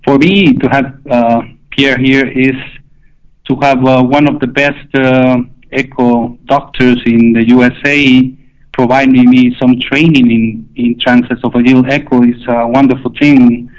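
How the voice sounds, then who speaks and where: A man's voice: medium pitch, flat delivery, measured pace. Hesitant man on a dull phone line. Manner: hesitant with many fillers. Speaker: pediatric cardiologist, phone guest. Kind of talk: phone interview.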